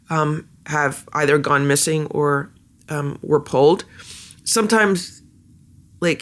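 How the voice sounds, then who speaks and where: A cat vlogger chatting casually at home, halting with many fillers and slipping into soft baby talk with the cats. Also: medium pitch. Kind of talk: casual vlog chat.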